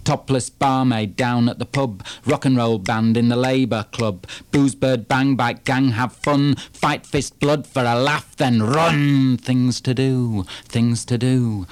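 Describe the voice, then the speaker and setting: A man's voice: on the low side, gravelly, a little mellow. A man from Yorkshire with a Yorkshire accent, performing his own poems in a punchy, rhythmic chant full of repeated refrains. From Yorkshire, England. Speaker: performance poet. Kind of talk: live performance poetry reading.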